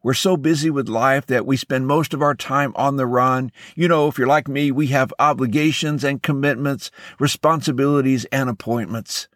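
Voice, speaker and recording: Man, mid-range voice, earnest devotional podcast host, measured and encouraging, dry close recording. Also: medium pitch, fairly even intonation, fairly bright tone, no echo. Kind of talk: scripted devotional message.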